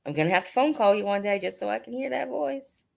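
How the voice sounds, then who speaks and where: This live-stream seller of hat pins and jewelry talks to her audience directly, chatty and often laughing as she displays hat pins. She has a gravelly, medium-pitched voice and speaks quickly.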